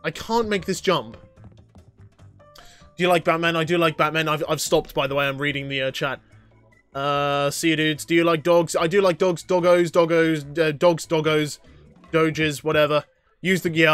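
A man's voice: a little high, fairly bright tone. A young man livestreaming gameplay, reading chat questions aloud and answering them with frequent laughs and sudden outbursts. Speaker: gaming livestreamer. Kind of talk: live gameplay commentary.

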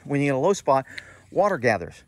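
A man talking casually outdoors at his horse paddock, explaining things step by step in a relaxed, chatty way. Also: medium pitch, a little fast. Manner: chatty, explains step by step, scolds pets playfully. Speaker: horse owner vlogger.

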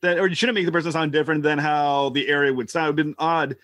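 A man's voice: on the high side, steady tone, fast talker, fairly bright tone. A man hosting a podcast interview, easygoing and chatty, often restarting his sentences. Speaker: podcast host. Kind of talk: casual interview chat.

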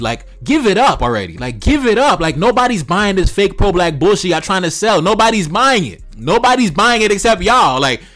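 A man's voice: sits high, fairly bright tone. A man giving heated opinion commentary, lecturing in a repetitive, profane rant. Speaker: online commentator.

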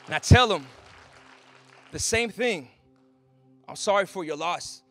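A man preaching a sermon as a pastor, moving from quiet storytelling to loud, rising exhortation. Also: sits high, expressive, measured pace, faint music behind.

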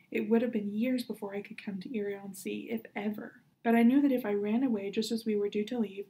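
A woman's voice: medium pitch, warm tone, natural voice. A woman voicing an earnest, brave runaway girl in a children's storybook reading, eager and full of questions.

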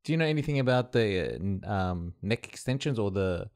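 A man co-hosting a casual group chat, playful and animated, laughing often. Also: lowish voice, brisk. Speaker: podcast co-host.

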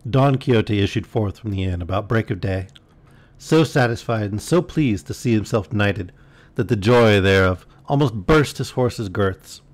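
A man reading a classic novel aloud as a bedtime story on a live stream, calm and measured. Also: lowish voice. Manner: calm, measured reading with brief asides to chat.

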